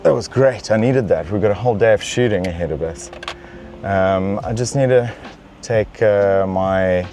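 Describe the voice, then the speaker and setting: A man's voice: on the low side, normal speed, a little mellow, slight background noise. A young man hosting a comedic car review from a car's back seat, in a playful, mock-pampered way. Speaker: host reviewing a luxury car.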